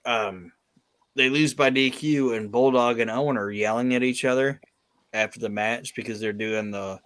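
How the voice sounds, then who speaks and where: A male podcast host tells a story in swearing, emphatic casual chat. His voice sits at an ordinary middle pitch, and the recording is dry and close. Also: steady tone, moderate pace, fairly bright tone, smooth, no room sound.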